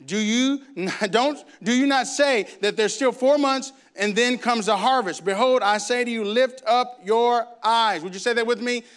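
Male preacher, animated storyteller, high and clear delivery. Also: moderate pace, hardly any pauses. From grew up in a Baptist church. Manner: animated storytelling, acts out voices. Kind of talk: sermon.

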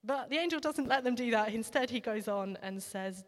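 A woman giving a sermon in a reflective, conversational way, now and then pausing with fillers. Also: a little high. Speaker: preacher. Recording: long reverb of a large hall.

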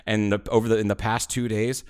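A man's voice: lowish voice, level tone, quick pace, darkish tone, smooth. A man co-hosting a casual podcast chat, swearing freely and rambling through stories he acts out. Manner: profane, rambling storyteller who acts out quotes. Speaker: podcast co-host.

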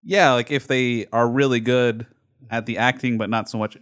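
A man's voice: medium pitch, steady tone, moderate pace, a bit bright. A man co-hosting a casual chat, teasing and laughing often.

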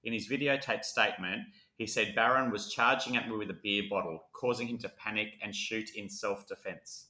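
A man's voice: fairly low pitch, moderate pace, hardly any pauses, sharp tone, echoey room. A man co-hosting a casual true crime podcast, reading case notes and riffing with jokes. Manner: jokey, reads case notes then riffs. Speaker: podcast co-host.

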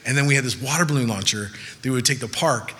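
Young male pastor from Southern California, bright voice, long hall reverb. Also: medium pitch, very fast. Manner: conversational, animated storytelling with laughs. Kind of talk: sermon.

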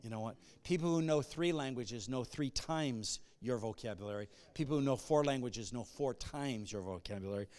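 A male pastor giving a sermon, moving between conversational asides and loud call-and-response bursts. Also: medium pitch, moderate pace, few pauses.

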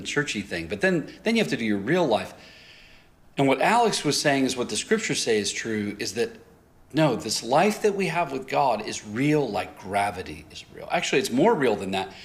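A man pastor telling a story in a sermon, acting out both sides of a conversation and often laughing as he talks. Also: mid-range voice. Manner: animated storyteller, acts out dialogue, laughs often.

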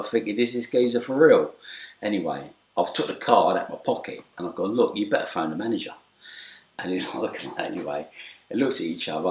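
A low-voiced, middle-aged man tells a story in an interview, swearing freely and tagging lines with "right?". He jumps from loud acted-out shouts to hushed asides. The recording sounds roomy and echoey. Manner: streetwise, swearing, repeated "right?". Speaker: interview guest. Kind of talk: animated storytelling. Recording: echoey room.

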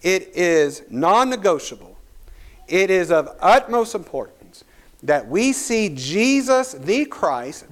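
A male pastor preaching a sermon, reading scripture aloud and building to emphatic points. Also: high-pitched.

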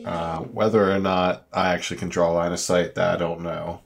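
A man's voice: low voice, level tone, normal speed, gravelly, soft background music. A man playing a tabletop game, talking hesitantly and laughing at his rolls. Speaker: player. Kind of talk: casual tabletop play.

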